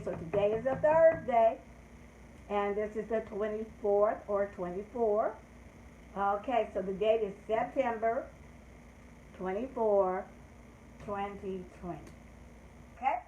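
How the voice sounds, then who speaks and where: Older woman, kids' lesson host; slow, sing-song teacher delivery, slightly high voice; echoey room. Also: a little mellow, highs cut off. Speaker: children's show host teaching calendar. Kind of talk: live children's lesson. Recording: echoey room with faint background noise.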